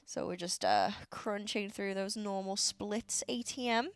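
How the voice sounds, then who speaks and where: A woman's voice: medium pitch, a little slow, clear, resonant tone, no echo, studio quality. A woman co-casting a gaming livestream, chatty and teasing, explaining game lore in casual banter. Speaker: stream co-caster.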